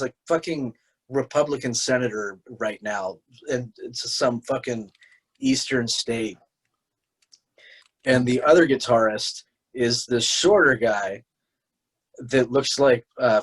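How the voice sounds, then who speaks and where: A man's voice: mid-range voice, unhurried, husky, poor audio. A young man co-hosting a casual podcast, rambling and swearing a lot, often restarting his sentences. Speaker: podcast co-host. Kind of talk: casual chat.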